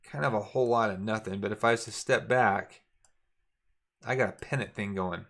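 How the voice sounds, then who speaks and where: A man's voice: on the low side, normal speed, fairly bright tone. A middle-aged man giving a casual, repetitive trading lesson while drawing on charts. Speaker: trading instructor. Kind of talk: screen-share trading lesson.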